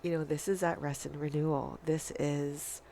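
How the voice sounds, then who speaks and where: A woman giving a spiritual tarot reading, speaking in a dreamy, halting way with long pauses. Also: deep voice, level tone, mellow, slight background noise. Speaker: tarot reader.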